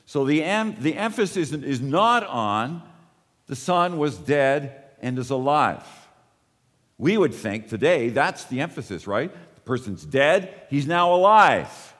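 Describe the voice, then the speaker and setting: A man preaching a sermon as pastor, swinging from lively emphasis down to soft, low, drawn-out lines. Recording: long hall reverb.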